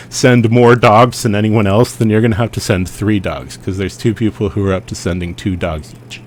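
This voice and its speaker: A man's voice: medium pitch, darkish tone, a little hiss or hum. A man hosting a livestream, chatting in a rambling, playful way and often repeating himself. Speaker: livestream host.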